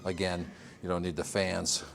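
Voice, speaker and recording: A man's voice: deep voice, level tone, normal speed, gravelly, a little hiss or hum. An older man from Vermont giving a casual greenhouse tour, rambling with fillers and frequent chuckles. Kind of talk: casual walking-tour interview.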